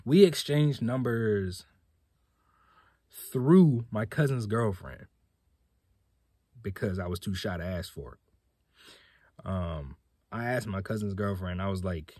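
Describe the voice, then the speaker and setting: A man's voice: lowish voice, very animated, slow, pauses often, a little mellow, dry recording, clean studio sound. A young man hosting a podcast, telling a personal story in a laid-back, slangy way. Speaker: podcast host. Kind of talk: casual storytelling.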